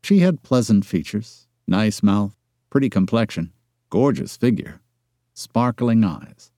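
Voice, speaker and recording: A male audiobook narrator reading a romance novel in even, measured scripted narration. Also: fairly low pitch, dry recording, studio quality.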